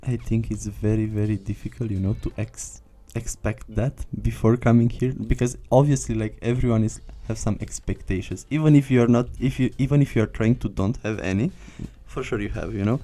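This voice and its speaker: A man interviewing a former volunteer, asking laid-back, halting questions and laughing often. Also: fairly low pitch, fairly even intonation, dark tone. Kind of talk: casual interview.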